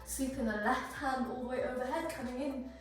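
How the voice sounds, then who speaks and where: A woman's voice: high voice, fairly quick. A woman yoga instructor, slightly out of breath, encouragingly cueing breaths and poses through a flow. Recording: very echoey room, voice far from mic, music behind.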